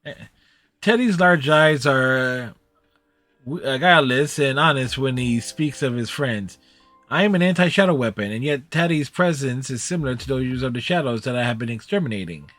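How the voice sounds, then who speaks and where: A man's voice: mid-range voice, lively intonation, moderate pace, a bit bright, soft background music. A man streaming a game, reading its story text aloud in the first person with small slips.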